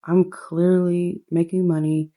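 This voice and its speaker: A woman's voice: fairly low pitch, little pitch movement, slow, mellow. A woman voicing a young woman in a life-sim game who is exasperated with her nagging sister, in an everyday voice. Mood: ranting. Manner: venting, exasperated.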